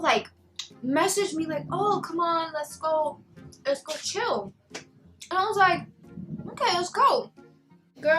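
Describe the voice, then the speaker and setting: A young woman with a slight Spanish accent, telling a personal story in a casual, animated vlog chat. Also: high voice, poor audio. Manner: chatty, animated, quoting others in raised voice. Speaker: vlogger.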